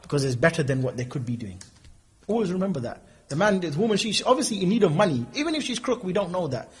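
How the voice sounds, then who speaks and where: A middle-aged man preaching an Islamic lecture, acting out lively dialogues between people as he tells stories. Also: high voice, quick pace, slightly rough, soft background music. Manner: lively, acts out dialogues in different voices. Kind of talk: animated Islamic lecture with storytelling.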